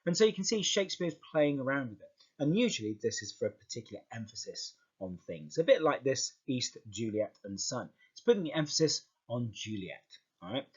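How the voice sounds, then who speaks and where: A man's voice: medium pitch, big pitch swings, fairly quick, hardly any pauses, husky. A man teaching English in an explanatory video lesson, often checking in with "okay" as he talks the class through. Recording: muffled lo-fi recording.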